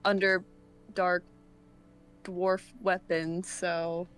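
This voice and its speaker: A woman's voice: fairly low pitch, flat delivery, drawn-out words. A woman playing a tabletop game, thinking aloud and hedging as she talks. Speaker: player.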